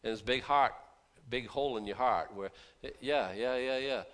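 Folksy preacher man, loud emphatic bursts. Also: moderate pace. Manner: conversational, swings between low asides and loud emphatic bursts; repeats words and restarts, folksy phrasing. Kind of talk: casual sermon to a small group.

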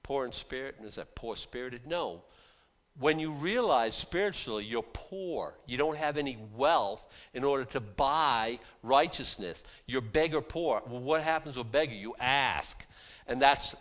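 A middle-aged man gives a casual, folksy sermon to a small group. He talks conversationally, slipping into quiet asides before building to loud, emphatic bursts. He often repeats words and restarts his sentences. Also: mid-range voice, lively intonation, normal speed. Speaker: preacher.

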